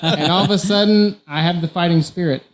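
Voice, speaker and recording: A man playing a tabletop game, describing his moves in a rambling, animated way and laughing often. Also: high-pitched, a little fast. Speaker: player. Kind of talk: casual tabletop game chat.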